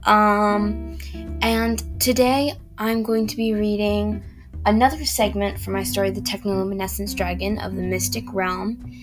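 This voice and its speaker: A woman's voice: medium pitch, steady tone, unhurried, over music. A young woman hosting a podcast, casually introducing and then reading aloud her own fantasy story.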